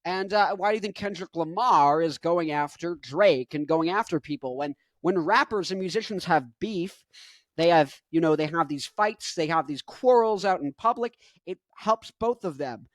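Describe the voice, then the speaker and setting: A man's voice: a little high, lively intonation, moderate pace, dry recording. Young man rambling jokily to camera. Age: 20s. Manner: jokey, rambling, self-mocking. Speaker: musician vlogger. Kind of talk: casual rant to camera.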